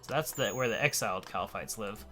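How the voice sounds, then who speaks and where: Bright-voiced man narrating gameplay. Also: lowish voice, brisk, soft background music. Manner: relaxed, thinking aloud while playing. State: hoarse. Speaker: let's play commentator. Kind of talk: casual gameplay commentary.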